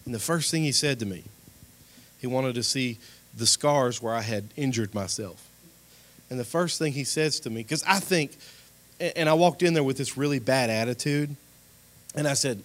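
Man preaching with rising intensity. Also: mid-range voice. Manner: animated preaching, voice rising and getting louder at emphatic points. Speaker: pastor. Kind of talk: sermon with personal testimony.

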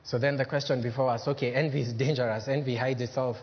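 A man preaching a sermon as pastor, acting out quotes and swinging from loud to hushed. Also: medium pitch, steady tone, fast talker, husky. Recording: dull lo-fi sound with long hall reverb.

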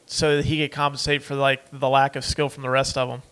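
A man's voice: medium pitch, little pitch movement, fairly quick, fairly bright tone, clear, resonant tone. A man co-hosting a casual movie watch-along podcast, loose and rambling, with plenty of fillers. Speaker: podcast co-host.

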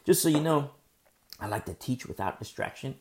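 A male pastor with a sore throat, teaching a Bible study in a conversational way, swinging between loud emphasis and soft, slow talk. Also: medium pitch, animated, slight background noise.

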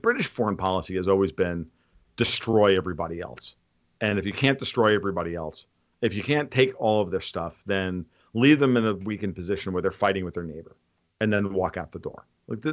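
A man in casual opinionated chat, rambling and animated, restarting often. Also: low-pitched, dull audio.

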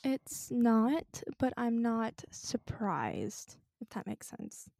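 Woman podcast host, gravelly mellow voice, slow and thoughtful. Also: on the high side, sing-song, no echo, clean studio sound. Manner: reflective, measured, gently comforting. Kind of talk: casual chat.

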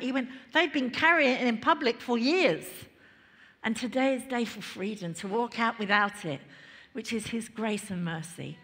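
Woman preaching in a reverberant hall. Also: on the high side. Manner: lively, conversational preaching with laughs and asides. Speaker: pastor. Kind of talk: sermon. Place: large church hall.

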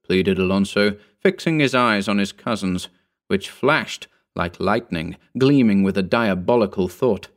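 A man reading an old story aloud in a measured, formal narration. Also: fairly low pitch. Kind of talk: scripted narration.

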